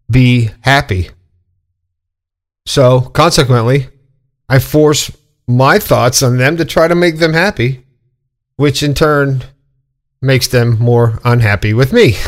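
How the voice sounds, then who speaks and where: A middle-aged man hosting a podcast, talking casually and bluntly, with swearing, as he lectures about staying positive. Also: a little high. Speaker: podcast host. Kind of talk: casual monologue.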